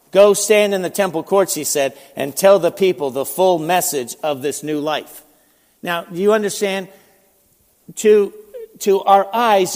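Male pastor, high lively voice, chatty sermon, long church-hall reverb. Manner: animated, conversational, frequent restarts. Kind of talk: sermon storytelling.

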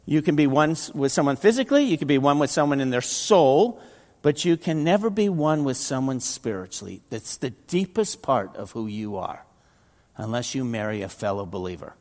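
A man's voice: medium pitch, animated, moderate pace, darkish tone, long reverb tail. A middle-aged male pastor preaching a sermon, joking with the congregation and acting out biblical figures.

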